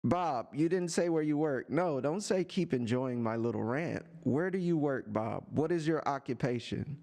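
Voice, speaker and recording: A man live-streaming from a home setup with a desk microphone, talking to a chatter in a sarcastic, teasing rant full of drawn-out taunts. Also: mid-range voice, animated, vocal fry, a little mellow, soft background music. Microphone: desk microphone and headphones.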